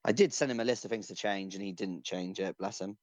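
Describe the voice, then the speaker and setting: A man's voice: low-pitched, quick pace, lo-fi sound, crowd noise. A man hosting a casual podcast, explaining things in a rambling way with frequent restarts. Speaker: podcast host.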